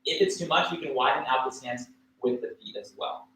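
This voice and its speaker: A man teaching a livestreamed yoga class, cueing poses and breaths in a relaxed, casual way with fillers and small jokes. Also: medium pitch, a little fast. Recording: echoey room with faint ambient noise.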